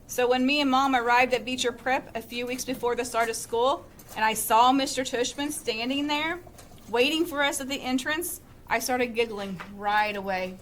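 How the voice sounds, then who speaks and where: A woman teacher reading a novel aloud to her class with steady storytelling and chatty asides to the students. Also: fairly high pitch, moderate pace, slight background noise.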